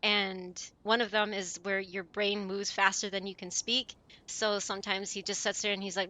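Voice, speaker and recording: A woman's voice: medium pitch, fairly even intonation, bright, forceful tone. A woman streamer in casual voice chat with friends, chatty and apologetic, with a chirpy voice. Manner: chatty, apologetic, quick laughs.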